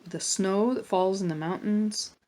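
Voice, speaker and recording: A woman reading a children's Bible story aloud for a church, in a plain, gentle storytelling manner with small asides. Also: medium pitch, steady tone, unhurried.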